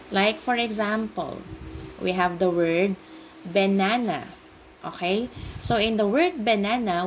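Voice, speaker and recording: A woman ESL teacher speaks at a slow, unhurried pace with a mid-range voice. She talks patiently and sounds out words syllable by syllable for her student. A faint hum sits behind her. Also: mid-range voice, poor audio. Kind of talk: online English lesson.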